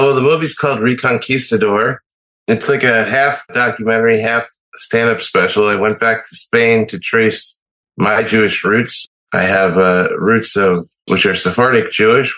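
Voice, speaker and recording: A man, a stand-up comedian, joking deadpan as a guest on a chat podcast. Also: on the low side, poor audio. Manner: deadpan joking, halting with fillers. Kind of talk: casual interview chat.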